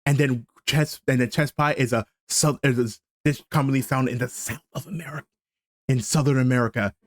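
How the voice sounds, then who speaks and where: A man streaming a game, chatting casually and ranting in a stammering, animated way. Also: mid-range voice, fairly quick, dry recording.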